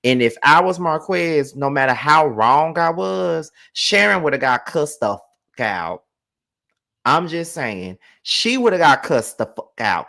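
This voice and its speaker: A man's voice: fairly high pitch, sing-song, unhurried, gravelly, pushed and bright. A man giving a live reality TV recap, ranting to his viewers with lots of profanity. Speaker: TV show reviewer.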